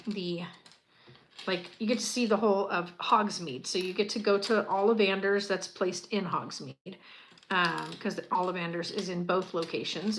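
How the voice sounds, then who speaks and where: A woman chatting casually as she builds a Lego set. She gushes with a lot of fillers and often drops to a quiet murmur. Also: on the low side, a little hiss or hum, poor audio. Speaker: channel host.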